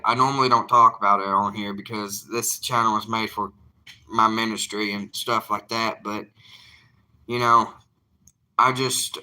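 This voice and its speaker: Bright-toned evangelist, plainspoken. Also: male voice, on the low side. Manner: earnest, plainspoken, defiant. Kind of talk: casual livestream talk to viewers.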